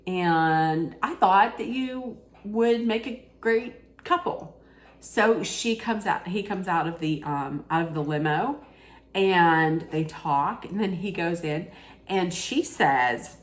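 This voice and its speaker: A woman giving a chatty, opinionated, rambling rant-style recap of a reality TV episode. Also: lowish voice.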